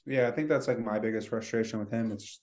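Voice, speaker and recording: A man's voice: on the low side, fairly even intonation, quick pace, darkish tone. A man co-hosting a sports podcast, talking in a rambling, frustrated way with many "you know"s. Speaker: podcast co-host. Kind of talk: casual sports chat.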